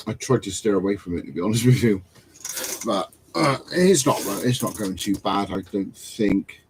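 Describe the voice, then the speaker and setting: Slow-talking man, chatty live stream. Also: on the low side, a little mellow, a little hiss or hum, poor audio. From England. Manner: self-deprecating, chatty with restarts and laughs. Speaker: paranormal investigator on a live stream chat. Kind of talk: casual live-stream chat.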